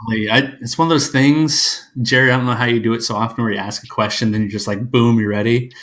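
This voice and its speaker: A man hosting a casual podcast chat, with a voice of ordinary pitch. He rambles along enthusiastically and keeps restarting his sentences. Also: steady tone, fast, a bit bright. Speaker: podcast host.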